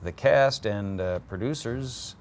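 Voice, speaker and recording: A man's voice: on the low side, takes it slowly, slight background noise. A man hosting a local news show, reading announcements loosely with fillers and slips. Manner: loose read with ums and slips.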